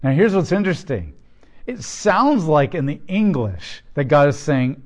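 A man with a fairly high speaking voice teaches from scripture in a relaxed, conversational way. He explains the text plainly and drops in casual asides and rhetorical questions as he goes. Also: a little slow. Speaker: Bible teacher.

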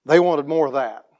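A plain-spoken man tells a church testimony story as a farm operator, restarting his sentences and clearing his throat often. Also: on the high side, darkish tone.

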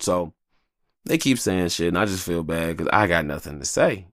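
A married man hosting his own podcast, talking casually and profanely in a rambling monologue, often jumping into exaggerated high voices. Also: a little fast, no room sound, studio quality. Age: adult, married with kids. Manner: rambling, profane, animated, jumps into high-pitched quoted voices. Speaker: podcast host.

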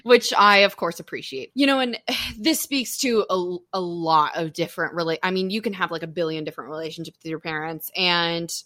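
Bright-voiced young woman hosting a podcast. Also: fairly low pitch, brisk, dry recording, studio quality. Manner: open, animated storytelling with frequent laughter. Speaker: podcast host. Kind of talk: candid casual podcast chat.

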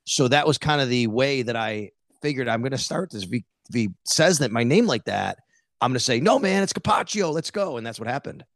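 A man's voice: medium pitch, a little fast, no room sound. A middle-aged man, a sports beat reporter, talking casually as a guest and telling stories animatedly, quoting himself. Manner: animated storyteller, quotes himself, many fillers. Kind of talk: casual interview talk.

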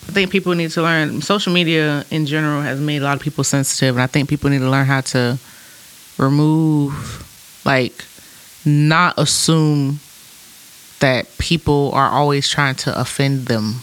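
A man's voice: fairly high pitch, fairly even intonation, moderate pace, fairly bright tone. A man in a casual podcast debate, firm and argumentative, repeating his point.

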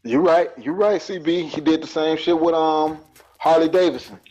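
A man co-hosting a podcast, teasing the others in loud banter. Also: fairly high pitch, normal speed, soft background music, poor audio. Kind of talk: casual podcast chat.

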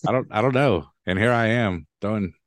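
A man with a very low voice hosts a casual podcast, easygoing and chatty, often restarting his phrases. His voice sounds close and dry, with no room echo. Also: fairly quick. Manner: easygoing, repeats words and restarts phrases while thinking aloud. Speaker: podcast host. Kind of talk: casual chat.

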